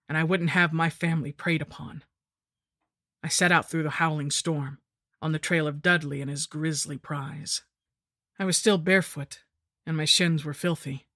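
A woman narrating a first-person gothic horror story in a measured, dramatic storytelling manner. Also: low-pitched, fairly even intonation, a bit bright, no room sound, clean studio sound.

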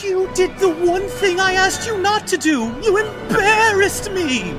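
A man plays a pompous rich man in a tabletop game, slow and reproachful. The voice is pushed high and sounds wounded. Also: music in the background.

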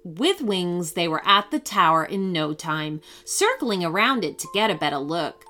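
A woman narrating a children's storybook in an expressive, animated way. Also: on the low side, moderate pace, soft background music.

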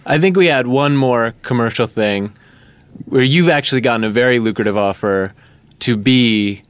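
A man's voice: medium pitch, moderate pace, smooth, no room sound. A man co-hosting a comedy podcast in a playful, mock-earnest way. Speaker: podcast co-host.

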